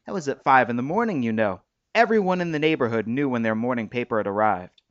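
A man's voice: medium pitch, expressive, fast talker, no echo, lo-fi sound, natural voice. A man voicing a joking young husband with a dry, teasing wit, close to his own voice. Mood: reminiscing.

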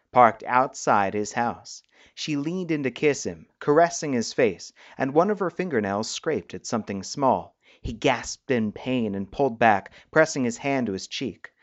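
A man narrating a story in an even, measured reading. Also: medium pitch, no room sound, highs cut off.

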